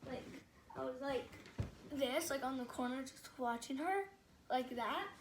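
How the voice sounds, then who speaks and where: A woman with a high voice tells a story to her vlog audience. Her telling is rambling and casual, full of "like" and "um" as she loses and finds her thread. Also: unhurried, noisy background. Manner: rambling, filler-heavy storytelling with frequent "like". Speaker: vlogger.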